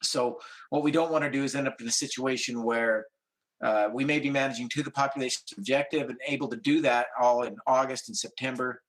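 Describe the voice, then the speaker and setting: A man's voice: medium pitch, fairly even intonation, fairly bright tone, low-quality recording. A man speaking at a public advisory meeting, explaining how his agency makes decisions. His voice sits in a middle register, and he works through his answers carefully, often restarting a phrase before he lands it. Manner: measured, explanatory, frequent restarts. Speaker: wildlife agency official answering questions.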